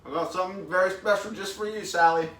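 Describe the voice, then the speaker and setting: His voice sits high, with a steady, slightly bright tone and a fast pace. He's a man in his thirties running a casual live eating stream at home, talking upbeat to viewers with his mouth full and reading their comments aloud, recorded in an echoey room on a faraway mic.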